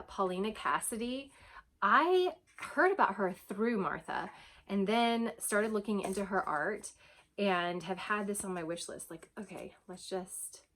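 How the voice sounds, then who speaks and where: Gushing woman with soft sighs. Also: medium pitch, slight background noise. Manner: gushing, breathy, often sighing and dropping to soft whispers. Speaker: vlogger unboxing a gift box. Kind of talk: casual unboxing chat. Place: at home.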